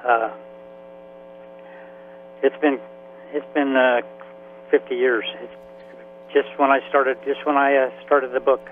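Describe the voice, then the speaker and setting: A man in his seventies, a veteran and author, telling his story in a halting, emotional way with many restarts. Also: mid-range voice, flat delivery. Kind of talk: radio interview by phone. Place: Florida. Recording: tinny phone line with faint hiss.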